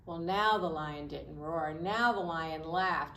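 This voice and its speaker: A woman librarian reading a story aloud to children, slowly and expressively, at a public library. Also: fairly low pitch. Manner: slow, animated, expressive storytelling. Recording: echoey room, mic at a distance.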